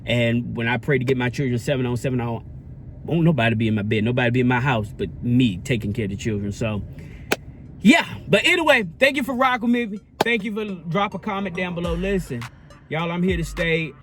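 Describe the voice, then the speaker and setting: A man's voice: mid-range voice, fast talker, background noise. A man vlogging in a casual, preachy style, earnest and repetitive, with a sermon-like cadence. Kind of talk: casual preachy vlog talk.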